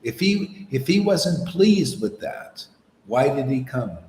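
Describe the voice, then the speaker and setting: A man preaches in a loose, conversational way, his pitch swinging widely as he argues. The room around him is echoey, with faint background noise. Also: slow. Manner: animated, mocks opponents in put-on voices. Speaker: spiritual teacher. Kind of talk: informal sermon.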